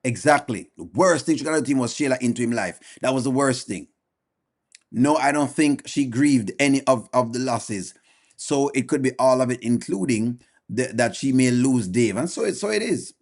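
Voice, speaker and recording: A man's voice: mid-range voice, lively intonation, moderate pace. A man hosting a live reaction stream, bluntly addressing viewers by name and repeating his points for emphasis. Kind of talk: casual commentary.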